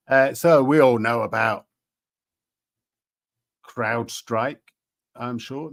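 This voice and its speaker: A man's voice: mid-range voice, expressive, slow pace, pauses often, a bit bright. A man hosting a casual commentary show, sarcastic and rambling, with frequent hesitations. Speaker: host.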